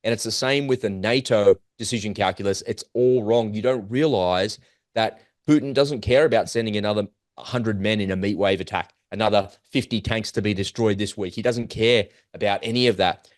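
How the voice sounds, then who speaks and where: A man giving an urgent, animated commentary monologue, firing off rhetorical questions as host of his own show. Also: on the low side, moderate pace, no room sound, clean studio sound. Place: at home in Australia.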